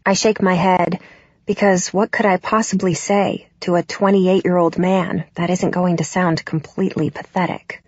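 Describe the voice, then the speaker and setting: A woman's voice: fairly low pitch, little pitch movement, normal speed, darkish tone, breathy edge, no echo, muffled recording. A woman narrating a romance audiobook in the first person, in an intimate, inward way.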